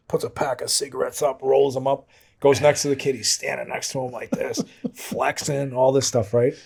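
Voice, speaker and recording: A middle-aged man spins a long bar story among childhood friends. His voice sits at an ordinary mid pitch. He swears freely and checks in with "right?" every few phrases. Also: darkish tone, husky. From Medford and Malden, Massachusetts. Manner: profane, rambling storyteller who keeps adding "right?". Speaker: podcast host.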